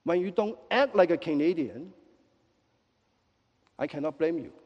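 A male pastor delivering a lively sermon with joking asides and quick apologies, in a church sanctuary. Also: a little high, lo-fi sound. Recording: long echo of a large hall.

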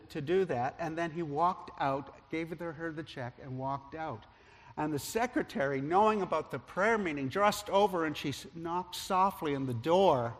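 A male pastor delivers a storytelling sermon in a somewhat high voice, growing loud at the dramatic points and dropping soft at the tender ones. His words ring out with the long reverb of a large church sanctuary. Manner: animated storyteller, loudness rising and falling with the story.

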